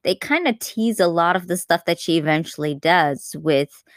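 A woman co-hosting a podcast, chatting casually about a film, animated and laughing often, with frequent restarts. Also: on the low side, normal speed, no room sound, clean studio sound. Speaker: podcast co-host. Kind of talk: casual film review chat.

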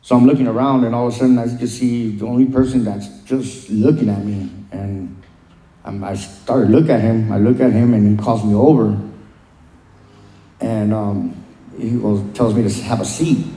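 A man giving a personal recovery testimony, halting and full of "um" and "you know". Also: lowish voice, fairly even intonation, warm tone. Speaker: guest sharing his recovery story. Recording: roomy echo.

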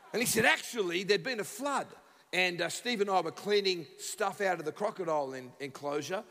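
An Australian man preaching as a guest speaker, telling funny stories and acting out the dialogue with sudden shouts. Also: high-pitched, brisk, long reverb tail. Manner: animated, acts out dialogue, bursts into shouts. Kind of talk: humorous sermon storytelling. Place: church sanctuary.

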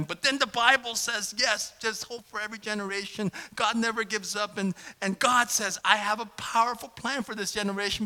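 A man in his fifties preaching a sermon as pastor, conversational and animated, often asking the congregation questions. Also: high voice, a little fast, hardly any pauses, low-quality recording. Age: 50s.

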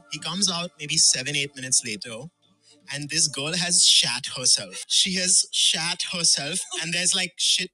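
A man casually telling a story in a played clip, animated and acting out the quoted lines. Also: fairly high pitch, normal speed, rough recording.

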